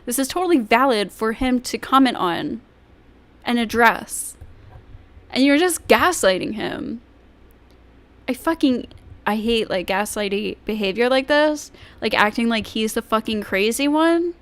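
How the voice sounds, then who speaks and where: A woman's voice: a little high, lively intonation, a little slow, a bit bright. A woman streamer reacting to clips, ranting bluntly and swearing freely. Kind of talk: casual livestream commentary.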